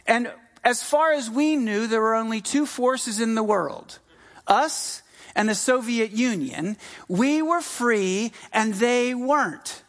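A middle-aged pastor from the United States giving a sermon in a conversational, emphatic way, repeating key phrases. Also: medium pitch. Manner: conversational, with frequent fillers and restarts.

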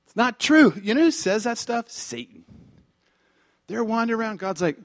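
In a church, a pastor with a very high voice preaches a sermon, animated and acting out quick character voices. He swings from soft asides to loud emphasis, and the recording is dry with clean studio sound.

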